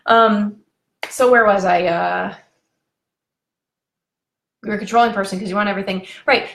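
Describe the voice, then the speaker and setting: A relationship vlogger with a mid-range, slightly bright voice chats casually with her viewers, offering relationship advice. She addresses them directly with frequent questions and plenty of fillers, in an echoey room.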